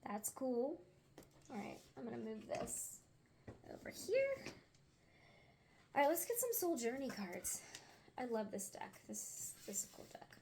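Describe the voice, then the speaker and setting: A young woman with a slightly high voice talks loosely through a tarot card reading from home. She stumbles over a word here and there and slips into a soft whisper at times. Faint background noise sits under her voice. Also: animated, moderate pace, gravelly. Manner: chatty and unpolished, stumbles over words, drops into whispers. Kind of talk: casual card reading vlog.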